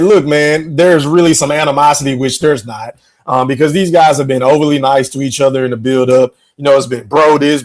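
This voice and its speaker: A man with a fairly high voice that swings widely up and down hosts a podcast. He talks straight to his viewers in loose, profane, opinionated commentary while he reacts to clips. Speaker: podcast host.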